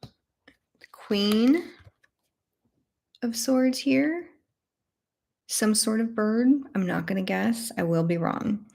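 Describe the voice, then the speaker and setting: A woman's voice: medium pitch, slow pace, creaky, pauses often, darkish tone. Bubbly woman gushing on a live stream. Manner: bubbly, gushing over cute cards, chatting to viewers. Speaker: tarot channel host. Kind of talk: live deck flip-through chat.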